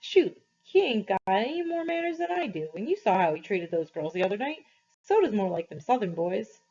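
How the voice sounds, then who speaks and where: A woman's voice: medium pitch, sing-song, fairly quick, mellow, husky. A woman reading as a homesick fourteen-year-old boy. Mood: indignant. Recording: slightly muffled, dull recording.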